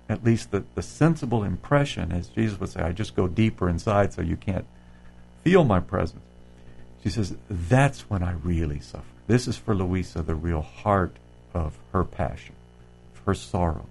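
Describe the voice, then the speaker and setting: A man's voice: low-pitched, lively intonation, moderate pace, vocal fry, darkish tone, slightly rough, poor audio. A man giving a spiritual talk, reading passages from a devotional text and explaining them in a conversational way, with fillers and restarts. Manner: reads quotations aloud and comments, with fillers and restarts. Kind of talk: spiritual reflection.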